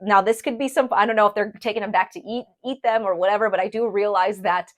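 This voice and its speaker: Woman, casual tarot reader, chatty and animated, talks straight to viewers, mid-pitched. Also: fast talker. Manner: chatty and animated, addresses viewers as "you guys", frequent "okay?". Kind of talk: casual tarot reading to camera.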